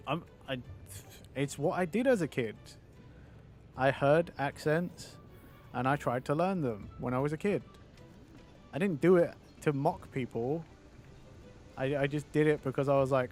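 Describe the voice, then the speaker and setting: A man's voice: mid-range voice, unhurried, pauses often, darkish tone, faint music behind. A British man streaming a game in casual chat, rambling, swearing and answering his viewers.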